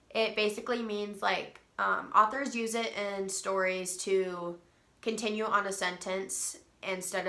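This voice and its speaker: A young female vlogger with a cold-stuffed nose casually rambles through personal stories, full of ums and restarts. Her medium-pitched voice sounds bright and forceful. The room echoes, with faint music in the background.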